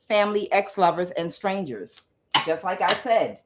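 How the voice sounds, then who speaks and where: A woman's voice: medium pitch, expressive, unhurried. A woman doing a casual tarot reading, speaking bluntly with swearing and calling on the Holy Spirit as she goes. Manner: talks aloud to the Holy Spirit, blunt and profane. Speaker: tarot reader.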